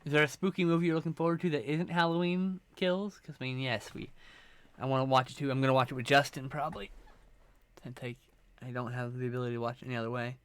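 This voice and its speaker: A man's voice: mid-range voice, steady tone, fast, clean tone. A man chatting casually on a live stream, rambling and swearing a little while talking to his chat, sleepy and yawning.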